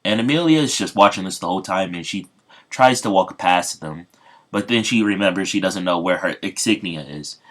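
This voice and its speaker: A man's voice: sits low, moderate pace. A man casually retelling an improvised fan story, rambling with many fillers and restarts.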